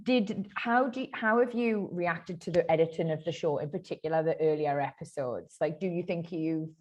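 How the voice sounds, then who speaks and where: A woman's voice: deep voice, normal speed, a little mellow. A Geordie woman in her thirties hosting a podcast, chatting casually and swearing freely. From North East England. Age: 30s. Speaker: podcast host. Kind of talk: casual chat.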